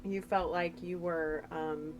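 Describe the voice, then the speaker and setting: A woman's voice: fairly low pitch, steady tone, slow pace, low-quality recording. A woman giving a casual, chatty tarot reading, rambling and emotional as she talks through the cards. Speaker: tarot reader.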